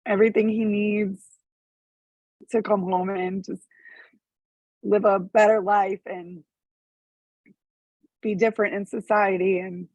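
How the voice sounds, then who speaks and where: An earnest woman speaking up for a relative at a parole hearing, at moments close to tears. Her voice comes over a phone on a remote call, with a medium pitch and very dry, close sound. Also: level tone, takes it slowly, pauses often, darkish tone, no echo, dull audio. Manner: earnest, tearful at times, laughs nervously. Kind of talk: emotional personal statement.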